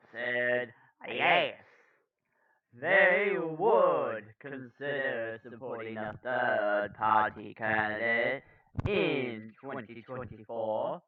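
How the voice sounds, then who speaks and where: A man's voice: medium pitch, far from the mic, phone-quality sound. A man reading poll results aloud in a mock-formal way, breaking off into swearing and sarcastic asides as a political commentator.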